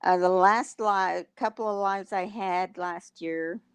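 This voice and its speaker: A woman's voice: mid-range voice, fairly even intonation, takes it slowly, clean tone, no room sound. A woman hosting a casual livestream, greeting viewers and chatting in a teasing, rambling way. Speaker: livestream host.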